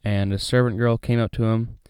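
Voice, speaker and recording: Guy reading the bible then chatting about it, smooth clear voice, dry close sound, lots of uhs. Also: medium pitch, brisk, no room sound. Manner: relaxed, chatty, many fillers. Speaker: Bible study host. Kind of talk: casual Bible reading and commentary.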